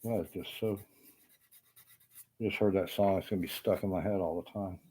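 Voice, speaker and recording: A man's voice: low voice, fairly even intonation, normal speed, mellow, slightly rough. A man who works as a carpenter, ranting to camera in a profane, bitter and rambling way, full of restarts and asides. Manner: talks in loose restarts and asides. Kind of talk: casual rant to camera.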